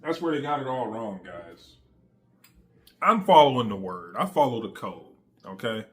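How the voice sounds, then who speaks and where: A man's voice: medium pitch, big pitch swings, normal speed, fairly bright tone. A man giving a casual, slangy faith testimony straight to his audience, emphatic and conversational. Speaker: faith vlogger.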